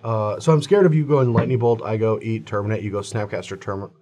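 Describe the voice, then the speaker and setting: A man's voice: on the low side, fairly even intonation, brisk, dark tone. A man playing a card game, thinking his moves through aloud with a joking, hesitant manner. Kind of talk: casual table talk during a match.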